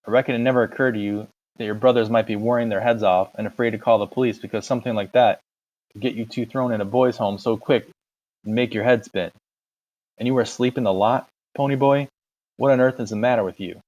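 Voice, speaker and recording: Man doing a furious shouting older brother. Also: mid-range voice, fairly even intonation, fast, highs cut off, natural voice. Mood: scolding. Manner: shouting, scolding. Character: angry young man, strict older brother.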